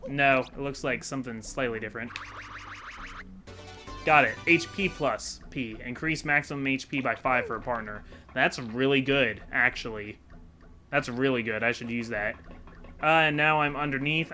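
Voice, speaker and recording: Man narrating his game playthrough, chatty and rambling, bright voice, faint game music behind. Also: mid-range voice, moderate pace. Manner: chatty, rambling, self-deprecating. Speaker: video game let's-play host. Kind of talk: casual gameplay commentary.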